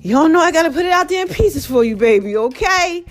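Female podcast host, high pitch, hoarse and worn out, preachy, animated delivery. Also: a little fast, soft background music. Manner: preachy, animated, calls listeners baby and child. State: voice cracking, tired. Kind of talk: casual motivational talk.

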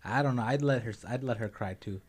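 A man co-hosting a relaxed talk show. He rambles through anecdotes at a middling pitch and acts out everyone's lines as he goes. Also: brisk. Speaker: podcast co-host. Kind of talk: casual chat.

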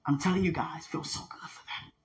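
An evangelist podcast host tells mission stories in a fast, excited preaching-testimony style, laughing often, repeating phrases, and leaning on street slang.

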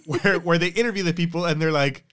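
A man's voice: fairly high pitch, a little fast, a bit bright, smooth. A man co-hosting a podcast in loose, profane, joking casual chat. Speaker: podcast co-host.

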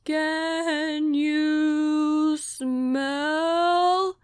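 A woman voicing a slow, gentle male sloth who stretches out every word. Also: high voice, level tone, no room sound, clean studio sound, voice pushed up. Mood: dreamy. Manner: drawn-out, very slow speech.

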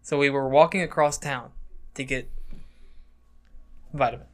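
A young man co-hosting a casual podcast, telling a long story in a rambling, animated way and laughing often. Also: mid-range voice, measured pace. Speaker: podcast co-host.

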